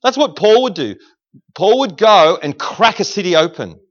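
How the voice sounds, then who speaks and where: A man preaches with fire and drives call-and-response with his congregation. His voice sits high for a man. The recording is dull and lo-fi. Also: sing-song, normal speed. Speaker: guest preacher. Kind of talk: sermon. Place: church service.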